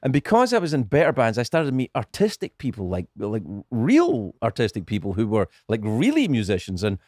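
A middle-aged man with a Scottish accent talks through his past with animated, swinging intonation. He swears casually and often stops to restart a sentence. The sound is dry and close to the mic. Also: medium pitch, brisk, dry recording. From Scotland. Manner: animated storytelling, profane, frequent restarts. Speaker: guest comedian. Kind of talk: casual podcast chat.

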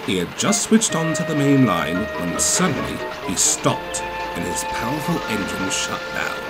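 Man narrating a storybook over music. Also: unhurried. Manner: steady, lower-pitched telling. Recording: music playing behind.

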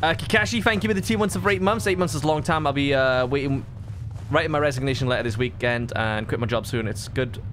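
A man's voice: mid-range voice, quick pace, fairly bright tone, a little hiss or hum. Chatty man streaming a game. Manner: chatty, thanking subscribers. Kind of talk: casual game stream chat.

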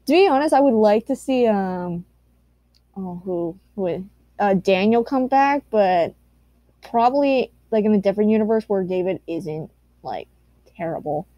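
A woman's voice: a little high, warm tone, dry recording. A woman giving casual commentary on fan art, gushing and cooing with some casual swearing. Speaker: YouTuber reacting to fan art.

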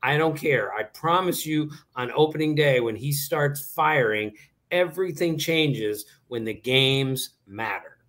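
A man's voice: medium pitch, measured pace. A man in his sixties from Maryland, a baseball writer telling stories in a casual interview and acting out what people said. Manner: animated, tells anecdotes and puts on voices for quoted people.

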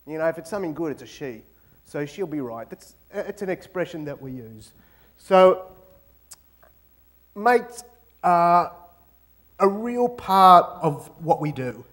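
A man's voice: a little high, expressive, unhurried, pauses often, a bit bright. An Australian man giving a humorous guest lecture in a university auditorium, acting out little scenes with mock dialogue. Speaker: guest speaker.

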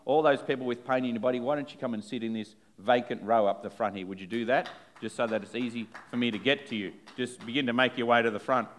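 A man's voice: mid-range voice, fast, hardly any pauses. A man preaching a sermon, telling a personal story and calling out "amen?" to the congregation. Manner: bold, energetic preaching with frequent "amen?". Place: church.

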